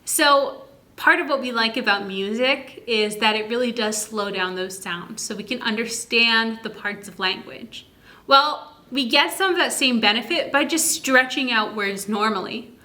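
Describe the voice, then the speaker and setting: In an instructional video for parents about early literacy, a woman speaks like a friendly, encouraging teacher, slowly stretching out words to demonstrate their sounds. Her voice is on the high side, pushed and bright.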